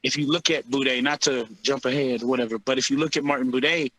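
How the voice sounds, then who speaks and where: Bright-voiced animated fighter telling stories. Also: male voice, medium pitch, fast talker, no room sound, low-quality recording. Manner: animated storyteller, laughs often, acts out quotes. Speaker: UFC heavyweight fighter, guest. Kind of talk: casual interview chat.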